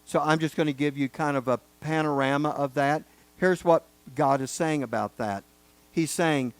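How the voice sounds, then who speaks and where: A man's voice: a little high, moderate pace, clean tone, no echo. A man teaching a Bible study lecture, talking casually and then stressing key words with rising force. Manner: emphatic, building to loud stresses on key words.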